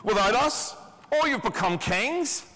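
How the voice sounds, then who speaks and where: A sneering apostle drips sarcasm in a raised, loud voice, as a man puts him on. Each word is drawn out in mock admiration. The sound rings with long hall reverb. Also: high-pitched, expressive, voice pushed up, exaggerated voice. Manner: mocking, drawn-out exclamations.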